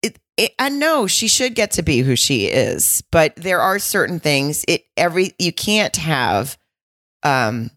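A woman's voice: low voice, a little slow, no echo, clean studio sound. A woman co-hosting a podcast, chatting casually and animatedly about a reality show. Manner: animated, acts out quotes in raised voices, frequent restarts. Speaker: podcast co-host.

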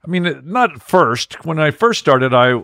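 A man's voice: a little high, very animated, measured pace, sharp tone, no echo, clean studio sound. A man hosting a podcast, chatting casually and hesitantly, with many fillers and the odd chuckle. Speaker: podcast host.

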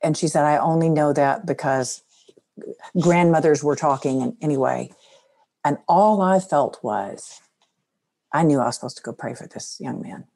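A middle-aged woman sharing a personal faith story in conversation, earnest and soft-spoken. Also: sits low, moderate pace, creaky. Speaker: guest.

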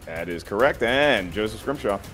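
A man's voice: fairly low pitch, lively intonation, normal speed, loud music behind the voice. Playful man hosting a trivia game. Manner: playful, jokey, counts down timers. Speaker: trivia quiz host. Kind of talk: game show hosting with banter.

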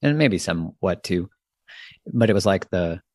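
Male host, lowish pitch, dry close sound, earnest and halting. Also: animated, darkish tone, no room sound. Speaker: podcast host. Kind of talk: casual podcast conversation.

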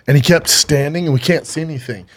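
A man's voice: a little high, fast talker, no echo. A man co-hosting a podcast, telling a rambling, profane story in casual chat. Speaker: podcast co-host.

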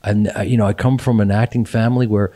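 A low-voiced man in his fifties hosts a relaxed podcast chat. He speaks in a mellow, dark tone and often stumbles and restarts his sentences. He comes across as earnest and self-deprecating. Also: fast. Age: 50s. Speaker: podcast host. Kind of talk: casual chat.

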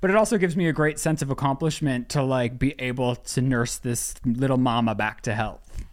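A man's voice: medium pitch, moderate pace. Chatty male podcast co-host. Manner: chatty storytelling, heavy on "like". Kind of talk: casual chat.

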